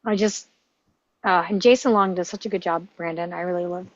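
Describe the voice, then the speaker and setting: A woman's voice: fairly low pitch, steady tone, a little fast. A woman hosting a casual table-read chat, talking enthusiastically and rambling about films. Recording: dull lo-fi sound.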